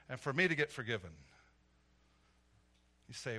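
A middle-aged man preaching a sermon, telling stories with animated energy that swells into loud, emphatic preaching. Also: mid-range voice, moderate pace, pauses often. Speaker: pastor.

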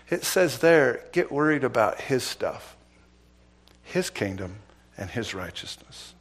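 Middle-aged male preacher, former cop, dramatic storyteller with loud-to-hushed delivery. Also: mid-range voice, expressive, slow, breathy edge. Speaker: preacher, former police officer. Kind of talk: sermon with personal story.

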